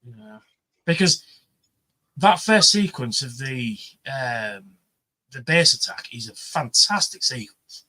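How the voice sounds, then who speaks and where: A man telling an animated story on a livestream panel, swearing freely and acting out the voices of the people he quotes. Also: mid-range voice, slow pace, long pauses, rough recording. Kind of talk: casual chat, storytelling.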